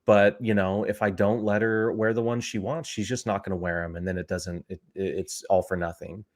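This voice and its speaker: A man's voice: fairly low pitch, fairly even intonation, brisk, a little mellow, natural voice. A man quoting an overly friendly middle-aged saleswoman, in his own voice with a sugary, pushy lilt. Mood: confiding.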